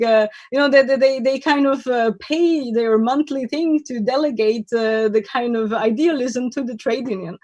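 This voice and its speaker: A woman delivers a conference lecture in a voice pitched a little high. She talks in a halting, critical, wry way, full of fillers and restarts. The sound is dry, with no room echo. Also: a little mellow. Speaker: conference speaker. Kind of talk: academic lecture. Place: online conference talk.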